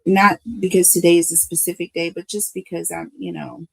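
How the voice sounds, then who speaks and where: A woman's voice: on the low side, little pitch movement, a little fast, vocal fry, slightly rough, rough recording. An older woman, a grandmother, giving a live tarot reading to her viewers in an emotional, preachy way and calling them y'all. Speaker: tarot reader.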